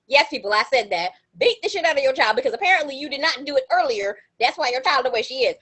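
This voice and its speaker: A young woman chats on a podcast, spinning animated stories and hammering her points with slang and repetition. Her voice sits high and swings up and down all the time. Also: fast talker, low-quality recording. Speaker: podcast co-host. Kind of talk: casual chat.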